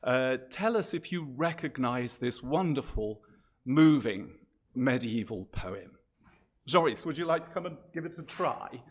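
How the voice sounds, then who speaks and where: A man's voice: mid-range voice, expressive, a little slow, husky. A man hosting a live-streamed church event, talking in a chatty, hesitant way with frequent restarts. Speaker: host. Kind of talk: casual live-stream introduction.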